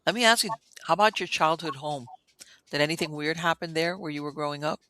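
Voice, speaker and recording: A man's voice: on the high side, quick pace, sharp tone. A man hosting an interview about supernatural stories, giving brief questions and short agreements. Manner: brief prompting questions and affirmations. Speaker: host.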